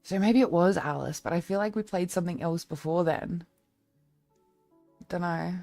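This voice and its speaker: A woman's voice: fairly low pitch, normal speed, vocal fry, mellow, dry recording, soft background music. A woman streamer chatting casually with her viewers, rambling, with lots of fillers.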